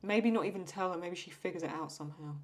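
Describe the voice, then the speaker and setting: At a quick pace and fairly low pitch, a young English woman hosts a chatty drawing stream, responding to viewer questions. Her talk is rambling and full of self-talk.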